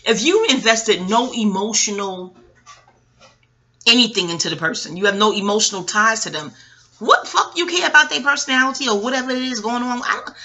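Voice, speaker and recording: A woman's voice: fairly high pitch, animated, fairly quick, bright, forceful tone. A woman podcast host and astrologer talking in a rambling, digressive chat, swearing freely. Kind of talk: casual chat.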